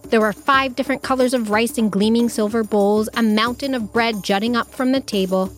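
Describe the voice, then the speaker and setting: A woman storyteller reading a scripted children's story aloud in a lively, expressive way. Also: fairly high pitch.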